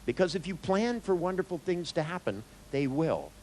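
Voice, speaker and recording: A man's voice: fairly high pitch, very animated, normal speed, darkish tone, slight background noise, rough recording. A man, a therapist, giving a live seminar talk, telling stories with jokes and blunt swearing. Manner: joking, storytelling, blunt, with swearing.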